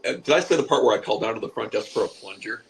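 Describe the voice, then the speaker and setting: A man's voice: on the low side, rapid-fire, creaky, slight background noise, low-quality recording. A man in his forties telling a rambling, profane comic story on a podcast, laughing at his own jokes. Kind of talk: casual comic anecdote.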